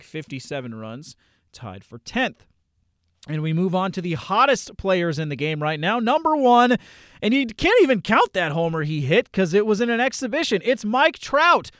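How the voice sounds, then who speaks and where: A man with a slightly high voice hosts a fantasy baseball show, running through player numbers in a brisk list. He drops deadpan asides between the stats. The recording is close and dry, with no room sound. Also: no echo. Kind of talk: stats rundown on a podcast.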